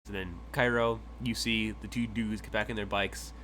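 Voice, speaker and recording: A man's voice: fairly low pitch, flat delivery, normal speed, pushed and bright, a little hiss or hum. A man narrating as game master of a tabletop game, stammering and rambling as he retells what the characters say.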